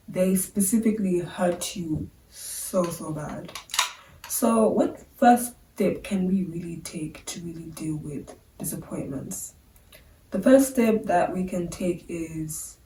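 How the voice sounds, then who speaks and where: A woman's voice: on the low side, dark tone, slight background noise. A young woman, a vlogger, talking candidly and casually to the camera, with lots of filler words. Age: young adult. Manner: chatty, filler-heavy, candid. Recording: roomy sound, a bit far from the mic.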